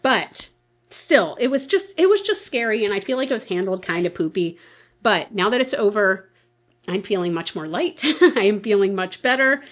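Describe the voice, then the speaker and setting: A beauty vlogger in her twenties chats casually and tells a story while doing her makeup, saying "like" a lot and laughing often. Her medium-pitched voice is very animated and fairly bright, at a normal speed.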